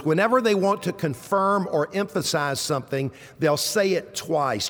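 A pastor with a fairly high voice preaches to his congregation, the sound filling a big room. He poses rhetorical questions and builds up into emphatic, repeated words.

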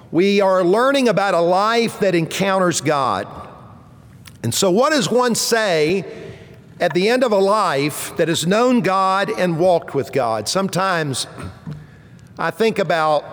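A man's voice: sits high, long reverb tail. A man in his sixties preaching a sermon as pastor, emphatic, building toward exclamations and leading the congregation in call-and-response. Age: 60s.

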